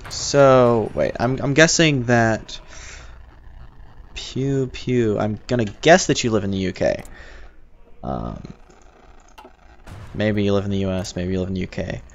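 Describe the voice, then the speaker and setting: A man's voice: fairly low pitch, expressive, a little slow, vocal fry, pauses often. A young American man chatting casually on a game livestream, rambling and answering his chat. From United States. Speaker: livestreaming gamer. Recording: dull lo-fi stream audio with faint noise.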